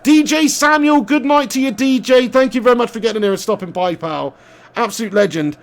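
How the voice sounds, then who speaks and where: A young man talks casually through a live game stream. His voice sits fairly high, and he laughs often as he chats and reads out viewer messages. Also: brisk. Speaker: gaming streamer.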